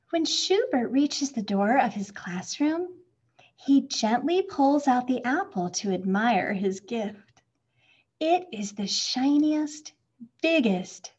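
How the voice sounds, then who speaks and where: A woman reading a children's picture book aloud, slow and lively in pitch. Her voice is breathy, a little higher than most. The recording is muffled and lo-fi. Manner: expressive, acts out sound words. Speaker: storybook reader.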